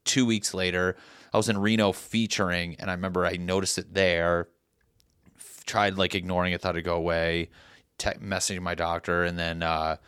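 A man's voice: low-pitched, flat delivery, moderate pace, fairly bright tone, clean tone, no room sound, studio quality. A young man in casual chat, telling rambling, profane stories and often cutting himself off. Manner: rambling, profane, self-interrupting storytelling. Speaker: stand-up comedian, podcast guest.

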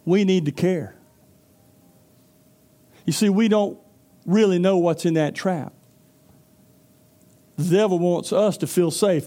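A man's voice: high voice, slow, long pauses, warm tone. A man preaching a sermon, telling a folksy story and acting out character voices. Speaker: pastor.

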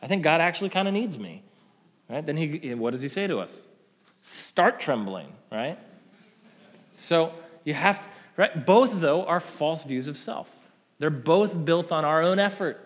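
A male pastor giving a conversational sermon, tagging points with "right?", rising to emphatic peaks and dropping to soft endings. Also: a little high. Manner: conversational preaching with frequent "right?" tag questions. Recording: long hall reverb.

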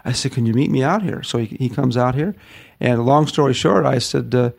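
Gravelly middle-aged man telling a story. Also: mid-range voice, brisk, no room sound. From northern United States. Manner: folksy, animated storyteller acting out quotes. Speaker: guest, ministry founder. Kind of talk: storytelling interview.

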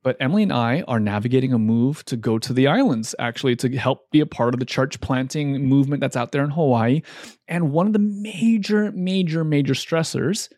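A man's voice: mid-range voice, a little fast, darkish tone, no room sound, clean studio sound. A young man co-hosting a casual faith podcast, talking in a reflective, chatty way. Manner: affirming listener, reflective and chatty. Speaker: podcast co-host.

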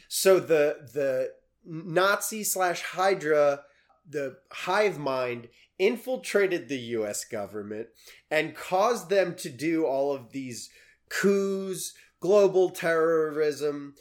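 A man's voice: fairly high pitch, expressive, takes it slowly. A man in casual chat recapping a movie plot, hesitant, with many fillers and restarts.

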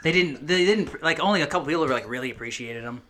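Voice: medium pitch, fast. A podcast co-host chatting casually and telling stories with plenty of swearing. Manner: animated, profane storytelling.

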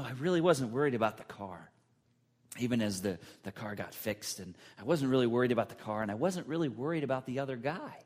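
A man preaching a sermon as pastor, telling a personal story in an earnest way. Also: mid-range voice.

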